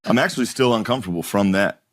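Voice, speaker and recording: A man's voice: lowish voice, fast. A man in his thirties co-hosting a podcast, laughing, swearing and defending himself in casual banter. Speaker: podcast co-host.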